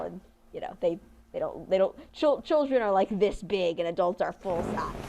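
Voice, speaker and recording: Animated rambling woman in her twenties. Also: on the low side, creaky, a little hiss or hum. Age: 20s. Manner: animated, rambling, many restarts and laughs. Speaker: podcast co-host. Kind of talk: casual chat.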